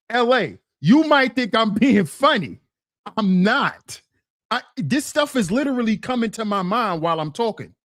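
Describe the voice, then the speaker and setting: A woman hosting a livestream, ranting in a repetitive, mocking and animated way. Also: a little high, no echo, studio quality. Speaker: livestream host. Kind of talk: casual ranting commentary.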